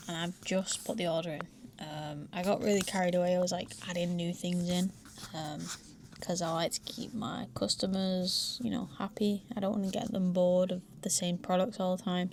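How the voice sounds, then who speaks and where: A British woman in her twenties vlogs from a small home office about running her small business. Her voice is fairly low and darkish, with fairly even intonation at normal speed and slight background noise, and she chats casually, gets sidetracked easily and swears lightly.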